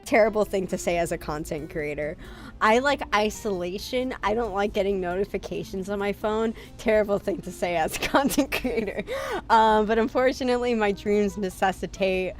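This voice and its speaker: Faint music plays as a young woman VTuber chats on stream in a slightly mellow, mid-range voice at a moderate pace. She wanders from thought to thought, filling gaps with fillers and laughing self-deprecatingly.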